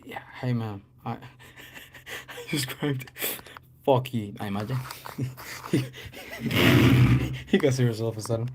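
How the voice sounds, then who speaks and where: A man's voice: mid-range voice, measured pace, long pauses. Guy on a live stream, loose jokey chat, lots of swearing, faint noise behind. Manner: loose and joking, curses a lot, chats with viewers. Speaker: livestreamer. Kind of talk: casual livestream chat.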